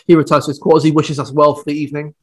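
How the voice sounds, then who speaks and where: A man's voice: a little high, little pitch movement, racing, darkish tone. A man co-hosting a casual podcast, joking, swearing and laughing as he riffs. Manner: jokey, swears, laughs through his lines. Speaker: podcast co-host. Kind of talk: casual pub-banter podcast chat.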